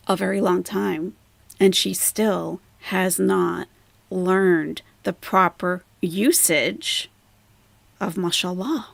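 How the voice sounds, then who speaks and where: Slow, gravelly woman commentator. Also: mid-range voice, a bit bright, dry recording. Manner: scornful, mocking. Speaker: commentary channel host. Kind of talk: reaction commentary.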